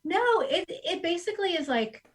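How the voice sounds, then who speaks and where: A woman in her forties, guest on a casual podcast interview, telling her story with lively quoted asides in her own voice. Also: very high voice, moderate pace. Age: 40s. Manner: animated storyteller who acts out her past self in quotes. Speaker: guest, goat sanctuary owner. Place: rural home.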